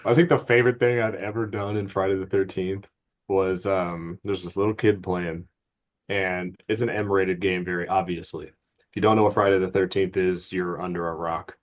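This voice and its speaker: A man's voice: sits low, steady tone, moderate pace. A man co-hosting a gaming podcast in casual, profane chat, laughing often. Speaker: podcast co-host. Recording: dull lo-fi sound.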